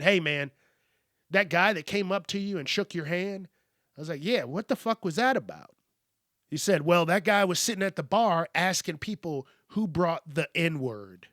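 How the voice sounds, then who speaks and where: A man's voice: high-pitched, a bit bright, no room sound, clean studio sound. A man hosting a podcast, telling a story in a blunt, profane, rambling way. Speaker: podcast host. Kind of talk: casual storytelling monologue.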